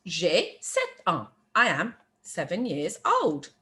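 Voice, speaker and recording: A woman teaching a beginner French lesson, repeating phrases slowly and patiently, with chatty asides and quick apologies. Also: lowish voice, huge pitch swings, bright, forceful tone.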